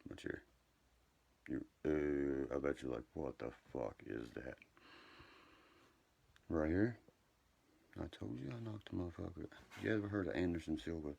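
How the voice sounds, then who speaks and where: A man's voice: rumbling low, lively intonation, normal speed, vocal fry, long pauses, warm tone, lo-fi sound. A man telling rambling, profane stories during a late-night livestream.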